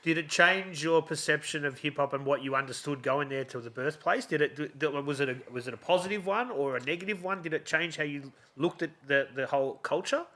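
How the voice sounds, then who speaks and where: A man's voice: on the high side, brisk, few pauses, sharp tone. A man hosting a podcast, asking loose, restarting interview questions in a casual tone. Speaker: podcast host.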